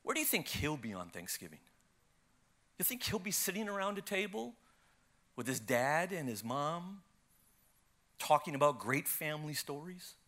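A man voicing the gentle, searching Spirit of God in a sermon story, speaking low, slow and hushed. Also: lively intonation. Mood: tender.

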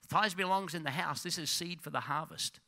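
A middle-aged male pastor preaching a sermon in a church, swinging between loud urging and hushed, intense passages. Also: on the high side, a little fast, vocal fry.

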